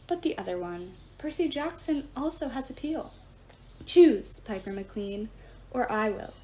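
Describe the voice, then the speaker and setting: A woman's voice: fairly high pitch, animated, measured pace, dark tone. A woman reading aloud and voicing a sleepy, cruel, ancient earth goddess who murmurs and hisses her mocking threats. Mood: mocking menace.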